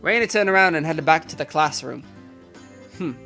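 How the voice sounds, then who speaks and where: A young man with a northern English accent narrating a visual novel in an animated, self-mocking way. His voice is fairly high and very bright, with faint music behind him. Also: normal speed. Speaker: let's player. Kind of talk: reading a visual novel aloud.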